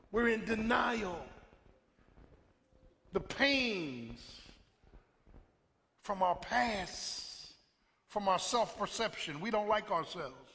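Male pastor, live sermon, high and lively, slow delivery with shouted peaks, hall reverb. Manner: animated preaching, call-and-response, sudden loud bursts. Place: church sanctuary.

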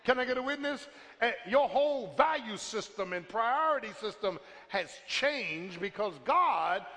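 A man preaching a sermon as pastor, calling for a witness from the congregation, swinging from shouts down to a hush. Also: very high-pitched, animated, measured pace. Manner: call-and-response preaching, asks for a witness; builds to shouts, then drops to a hush. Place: church sanctuary. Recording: long reverb from a large hall.

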